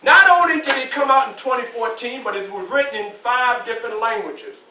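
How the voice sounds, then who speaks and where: Animated Southern preacher-style man. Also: very high voice, a little fast, noisy background. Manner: preacherly call-and-response, folksy asides. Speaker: motivational speaker. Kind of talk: motivational talk to students. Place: school hall. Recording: echoey room from far off.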